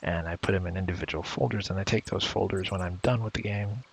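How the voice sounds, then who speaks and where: A man's voice: low-pitched, fast, creaky, a little hiss or hum. A man giving casual commentary over a game he played, chatty and playfully paraphrasing the characters' dialogue. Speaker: let's play commentator. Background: game music.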